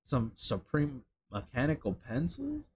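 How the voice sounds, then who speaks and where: Excitable young man, slangy streetwear chat. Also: medium pitch, a little slow, a little hiss or hum. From Chicago, United States. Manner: excitable, slangy, swears casually. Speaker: streetwear vlogger. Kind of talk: casual commentary while browsing a lookbook.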